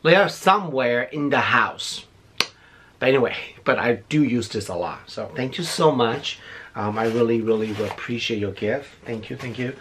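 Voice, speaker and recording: A man's voice: mid-range voice, a bit bright, slight background noise. Gushing middle-aged man. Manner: gushing, effusive, repeats himself. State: a little out of breath. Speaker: beauty vlogger. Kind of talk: casual unboxing chat.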